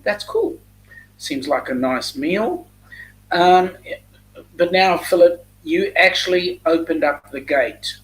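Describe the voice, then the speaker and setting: A man's voice: fairly high pitch, a bit bright, low-quality recording. An Australian man hosting a casual live stream, greeting viewers by name and chatting loosely, with lots of ums. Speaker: host of a live chat stream.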